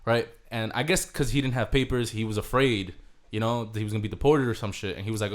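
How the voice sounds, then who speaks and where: A young man, a podcast co-host who works as an EMT, telling stories in casual chat, swearing freely and dropping in Spanish words. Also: lowish voice. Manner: fast storytelling, swearing, drops Spanish words.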